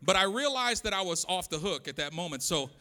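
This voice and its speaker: A man's voice: high-pitched, lively intonation, a little fast, pushed and bright. A middle-aged man from Oakland, California, preaching a sermon with a repetitive, impassioned cadence and personal stories. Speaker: pastor.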